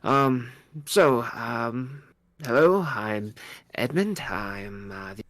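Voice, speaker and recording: A man's voice: medium pitch, lively intonation, drawn-out words, fairly bright tone, no echo. A man voicing a nervous, thin male dragonkin jeweler who stammers and hesitates. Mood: hesitant.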